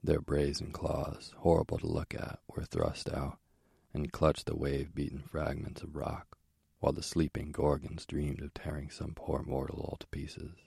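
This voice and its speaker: A man who narrates an audiobook of a myth in a measured, steady way. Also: a bass voice, vocal fry, slightly rough, no room sound, clean studio sound.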